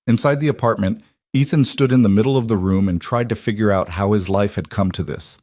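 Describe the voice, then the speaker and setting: A man reading a dramatic story as a narrator, in a steady, even storytelling manner. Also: on the low side, a little fast, no echo, clean studio sound.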